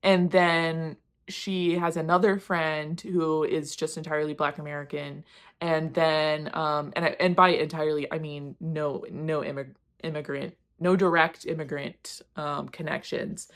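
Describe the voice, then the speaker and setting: A woman talks through the books she read this month in a loose, off-the-cuff style. Her voice sits a little on the low side, and she wanders between thoughts. She laughs at her own mistakes and swears offhandedly. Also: steady tone, unhurried. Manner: candid, rambling, self-deprecating, swears casually. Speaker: book reviewer. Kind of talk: casual book wrap-up chat.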